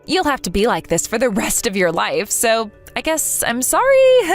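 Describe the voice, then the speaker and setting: A woman's voice: medium pitch, sing-song, moderate pace, soft background music. A synthetic woman's voice speaking as a cruel young woman in a text-message story, mocking and dismissive. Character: young woman, scornful, cruel fake friend.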